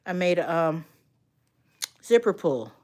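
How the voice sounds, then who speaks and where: An older woman who is a grandmother and art instructor chats casually on a livestream, addressing viewers by name and retelling stories with lively energy. Her voice is lowish and she speaks slowly.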